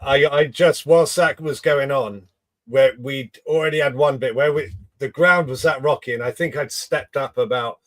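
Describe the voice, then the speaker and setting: A man as a podcast guest, recounting a field story in a relaxed way and acting out what others said. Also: mid-range voice, moderate pace, no room sound. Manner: relaxed anecdote telling, acts out quotes. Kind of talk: casual storytelling chat.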